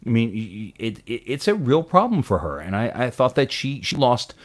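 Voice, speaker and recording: A man co-hosting a casual political talk show, animated and quick to act out the people he quotes, with frequent restarts. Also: medium pitch. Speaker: podcast co-host.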